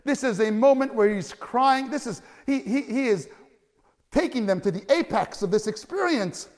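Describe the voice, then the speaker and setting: A man preaching a sermon, telling a story with animated delivery that swells to loud cries and stumbles into restarts. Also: very high voice, moderate pace. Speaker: pastor. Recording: long hall reverb.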